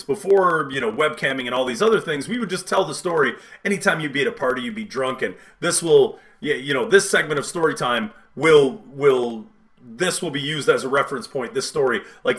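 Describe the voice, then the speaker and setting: Rambling, frank male storyteller. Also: on the high side. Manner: rambling, frank, animated, with many fillers. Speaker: podcast host. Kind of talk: casual storytelling.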